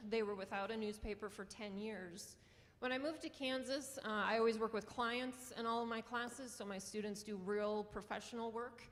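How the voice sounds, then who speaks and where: A woman's voice: a little high, steady tone, moderate pace, big-room sound. A woman with a North Dakota accent speaks earnestly and with passion as a journalism professor giving a conference talk. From Western North Dakota. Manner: earnest and impassioned, with small laughs. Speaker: journalism professor and newspaper publisher. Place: lecture hall.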